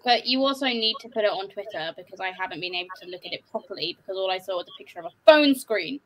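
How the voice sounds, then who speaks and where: A woman's voice: medium pitch, lively intonation, fast, fairly bright tone, rough recording. A woman co-hosting a casual chat over a video call, dry and matter-of-fact.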